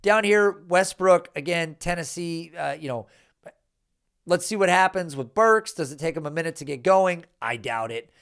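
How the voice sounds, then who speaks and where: A man recapping a fantasy football draft in an animated, exasperated rant, swearing often and jumping up in pitch. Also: normal speed, clean tone.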